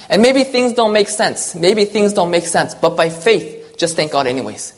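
An earnest preacher giving a personal sermon, moving between urgent, rising lines and hushed, quiet ones. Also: mid-range voice, moderate pace, few pauses.

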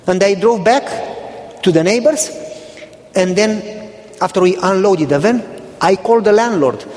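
A man's voice: sits high, measured pace, a little mellow, big-room sound. A man from Romania preaching as a pastor, telling a personal story and acting out the dialogue with animation. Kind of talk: storytelling sermon.

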